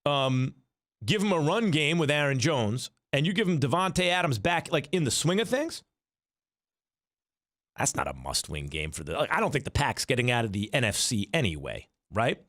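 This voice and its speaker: A middle-aged man hosts sports talk radio, arguing his takes animatedly and leaning on rhetorical questions. His voice is fairly high at a normal speed, recorded with studio quality and no room sound.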